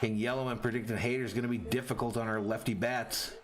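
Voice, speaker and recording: A man hosting a live fan play-by-play stream, calling the game and reading chat messages with excitable energy. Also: mid-range voice, fast, background noise. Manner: excitable, rises sharply on big plays.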